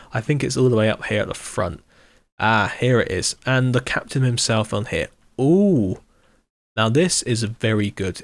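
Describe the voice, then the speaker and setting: A man's voice: medium pitch, creaky, no echo. A man giving an enthusiastic, rambling walkthrough of builds on his own game server, chuckling often as he goes. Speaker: YouTuber touring his creative game server. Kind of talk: casual gameplay walkthrough commentary.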